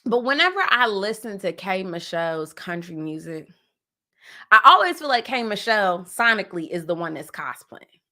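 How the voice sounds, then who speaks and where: A woman from New Jersey hosts a pop culture podcast in a loose, chatty way. Her voice is bright and forward at a middling pitch. She talks playfully, with a lot of animation. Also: normal speed. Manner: animated, playful, breaks into sung parody bits. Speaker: podcast host. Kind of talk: casual pop culture chat.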